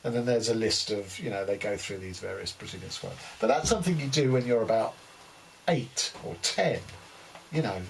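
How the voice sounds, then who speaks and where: A man's voice: on the low side, moderate pace, creaky. A man giving a casual spoken book review, rambling with many fillers and restarts and giving blunt opinions. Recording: distant mic with faint hiss.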